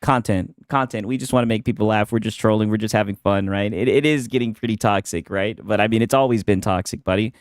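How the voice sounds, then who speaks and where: A man's voice: lowish voice, quick pace, few pauses, no echo, studio quality. A man hosting a live stream, mocking the clips he reacts to, swearing freely and reading out chat messages. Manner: mocking, profane, reads chat aloud. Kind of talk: casual live-stream commentary.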